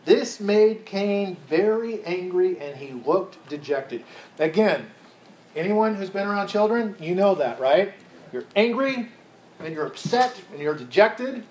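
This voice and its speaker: His voice is high-pitched and animated but a little slow and somewhat mellow as he runs a conversational Bible study. He quizzes the group along the way with many restarts, captured in an echoey room with faint hiss.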